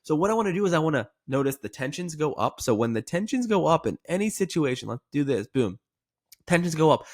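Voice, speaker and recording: A man teaching insurance sales in an energetic coaching style, checking in with "okay" as he goes. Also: on the high side, fast, no room sound, clean studio sound. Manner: energetic, repeating "okay" often. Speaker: sales trainer. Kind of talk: coaching lesson to camera.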